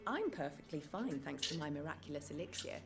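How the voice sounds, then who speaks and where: A woman's voice: sits low, very animated, brisk, gravelly, loud music behind the voice, heavily acted. An actress playing a self-assured woman merchant in a video game who sells a miracle elixir, speaking confidently and a little condescendingly.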